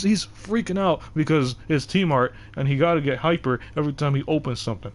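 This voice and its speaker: A man's voice: fairly high pitch, fast talker, few pauses, slight background noise. A young man streaming live, chatting casually in a rambling way with lots of fillers and restarts. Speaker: game streamer.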